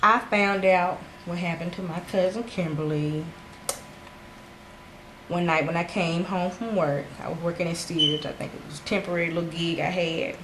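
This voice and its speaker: Woman, documentary interview, animated retelling, reverberant room, faint background hum. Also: on the low side, moderate pace. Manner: animated retelling, acting out quoted dialogue. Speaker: interviewee, cousin of the victim. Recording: roomy echo.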